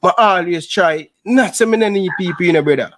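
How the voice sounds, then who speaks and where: A high, fairly quick, slightly bright voice comes from a Jamaican-accented man hosting a YouTube show, with slight background noise. He vents in heated casual chat, sounding aggrieved and saying "brother" repeatedly.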